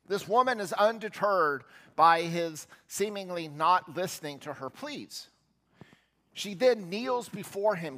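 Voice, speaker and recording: In a church sanctuary with long reverb, a male pastor preaches a sermon by telling a Bible story. He voices its characters as he goes, shifting his pitch and loudness for each quoted figure.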